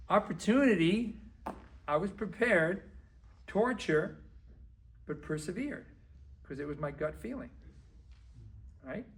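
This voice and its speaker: A man's voice: high voice, slow pace, pauses often. A man, a dentist, giving a motivational talk to a group, acting out conversations and repeating phrases for emphasis. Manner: animated, acts out dialogue and repeats phrases for emphasis.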